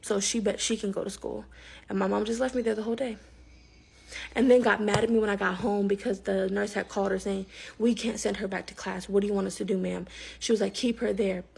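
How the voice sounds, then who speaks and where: A young woman telling a personal story in a rapid, emphatic way, acting out the people she quotes. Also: medium pitch, steady tone, gravelly, a little mellow, breathy edge. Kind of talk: storytime narration.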